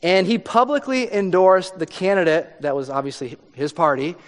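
A man's voice: high-pitched, sing-song, moderate pace. A man preaching a conversational sermon, reading scripture and explaining it, sometimes acting out the people in the story. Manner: conversational preaching, acts out voices with rising intensity. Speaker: pastor. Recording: long hall reverb.

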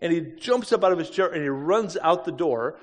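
A man with a fairly high voice tells a story to a crowd, casual and self-deprecating, and he slips into the voices of the people he quotes. He speaks as an evangelist recounting what happened to him. His voice rings with the long reverb of a large hall. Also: expressive, brisk. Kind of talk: storytelling to an audience.

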